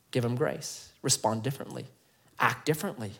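Male pastor mid-sermon; emphatic, dynamic, loud-to-hushed delivery. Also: a little high, lively intonation, moderate pace.

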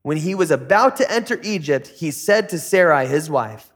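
A man's voice: animated, normal speed, a bit bright. A middle-aged man preaching a sermon as pastor, conversational with jokey asides. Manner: conversational, jokey asides with sudden high-pitched bursts.

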